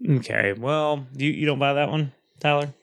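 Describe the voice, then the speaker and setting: A man's voice: medium pitch, normal speed, a bit bright. A man hosting a podcast in casual chat, rambling with many fillers and frequent laughs. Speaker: podcast host.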